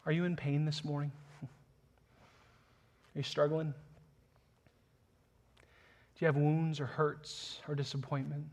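Man, pastor, sermon, scripture reading, earnest, passionate, slightly high voice. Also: flat delivery, unhurried, pauses often. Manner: earnest, builds to passionate emphasis; reads scripture aloud, chuckles softly.

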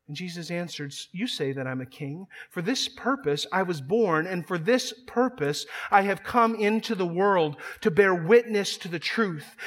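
A man preaching a sermon, emphatic and repeating words as he builds each point. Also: sits high. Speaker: pastor.

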